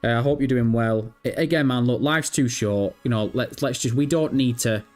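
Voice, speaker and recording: A man's voice: medium pitch, moderate pace, a little mellow, faint music behind. A man hosting a live stream, casually chatting and reading out viewer messages with self-mocking, sweary banter. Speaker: livestream host.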